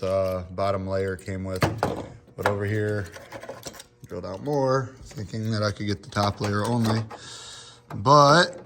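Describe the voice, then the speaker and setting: A hoarse young man filming on his phone in a garage, casually explaining his work step by step and swearing now and then. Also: fairly low pitch, noisy background. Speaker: car builder explaining his project. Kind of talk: casual how-to narration.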